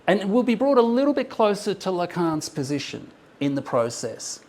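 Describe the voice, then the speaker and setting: A man's voice: high voice, big pitch swings, normal speed, a little mellow. A man presenting an academic paper in a lecture room, explaining his points thoughtfully with frequent ums and restarts. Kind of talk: academic conference talk. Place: lecture room with slides on a screen.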